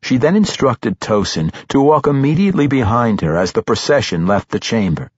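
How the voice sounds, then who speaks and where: A man narrating a fantasy audiobook in a steady, measured storytelling voice. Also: medium pitch, husky, no echo, dull audio.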